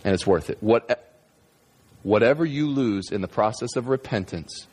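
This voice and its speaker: A man preaching a sermon in a conversational, animated storytelling manner, with many restarts. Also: lowish voice, moderate pace, husky. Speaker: pastor.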